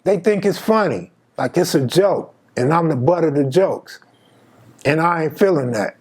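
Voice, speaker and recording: A man's voice: on the high side, normal speed, husky. A man in his fifties from Los Angeles telling a personal story in casual, slangy street talk, acting out the dialogue. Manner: slangy, animated, acts out dialogue. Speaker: storyteller host.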